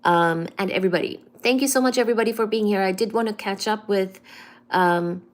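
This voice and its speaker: A woman hosting a casual livestream, greeting viewers one by one by name and answering chat in a soft-spoken way with frequent ums. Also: medium pitch, fairly quick. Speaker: livestream host reading chat.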